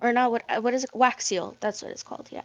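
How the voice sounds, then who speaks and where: Hesitant woman player, slightly high voice. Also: steady tone, quick pace, no echo. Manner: hesitant, searches for words with fillers. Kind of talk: casual tabletop game chat.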